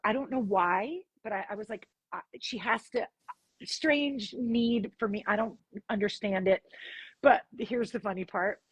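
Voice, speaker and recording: A woman guest on an interview podcast, telling a personal story in an animated way and acting out the dialogue. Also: medium pitch, measured pace, slightly rough, dry recording. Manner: animated, acts out dialogue in her stories.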